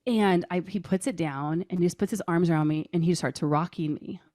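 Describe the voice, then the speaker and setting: A woman guest on a podcast, telling a personal story in an animated, laughing way. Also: lowish voice, a little fast, dry recording, studio quality. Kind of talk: casual storytelling.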